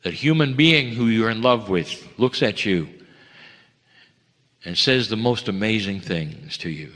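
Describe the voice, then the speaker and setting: A man giving a channeled spiritual message to an audience, speaking gently and measured, with emphatic pauses and calling listeners dear ones. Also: fairly low pitch, expressive. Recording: long hall reverb.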